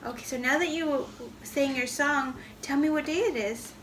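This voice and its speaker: A woman, a homeschooling mother, gently encouraging and praising her children as she teaches them at home. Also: high voice, moderate pace. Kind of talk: casual home vlog, teaching and talking to camera. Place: family home. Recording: home recording with steady background noise.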